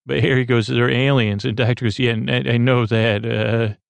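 A man hosting a podcast, recapping an episode in a halting, rambling way with many fillers and restarts. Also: mid-range voice, fairly even intonation, gravelly, clear, resonant tone, no echo. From United States. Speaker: podcast host.

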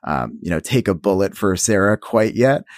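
A man's voice: sits low, lively intonation, normal speed, no room sound, clean studio sound. A man co-hosting a podcast in casual recap chat, hesitant, with many restarts and fillers. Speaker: podcast co-host.

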